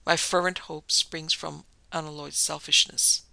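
This is a man reading a desperate noblewoman who begs in formal, tragic phrases, as in a gothic storybook. The voice is bright and gravelly, fairly high, and kept level in pitch. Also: level tone, unhurried, no room sound, heavily acted. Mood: pleading. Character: anguished noblewoman pleading with her old love.

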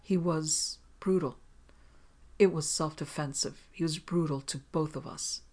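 A reader voicing a dazed young woman who confesses in a flat monotone, with a gravelly, husky voice. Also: medium pitch, measured pace. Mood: pleading.

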